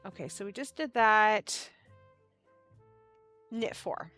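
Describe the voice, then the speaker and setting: A woman's voice: mid-range voice, slow pace, dry recording, faint music behind. A woman hosting a knitting livestream, chatting casually and telling stories with lots of laughter. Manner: animated storyteller, laughing often.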